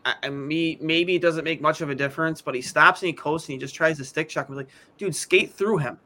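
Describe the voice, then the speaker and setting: A man with a high, bright voice co-hosts a casual hockey podcast. He rambles and vents in exasperation, tripping over stammered restarts as he goes. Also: fairly even intonation, fast. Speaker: podcast co-host. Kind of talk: casual sports talk.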